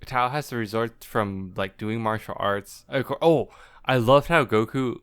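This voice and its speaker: A young man co-hosting a podcast at an ordinary middle pitch. He talks in a relaxed way with many fillers, often voicing his own reactions as he goes. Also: measured pace, clear, resonant tone. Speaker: podcast co-host. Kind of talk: casual chat.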